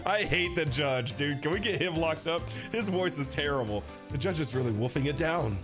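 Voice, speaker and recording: A man's voice: a little high, lively intonation, normal speed. A man streaming a game live, chatting in a playful, joking way. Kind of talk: live gameplay commentary. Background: game music.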